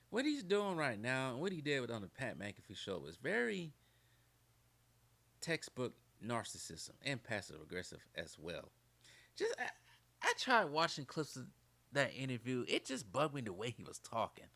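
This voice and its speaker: A man hosting his own channel, giving casual opinion commentary in an animated, ranting way. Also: fairly low pitch. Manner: animated, ranting, laughs often.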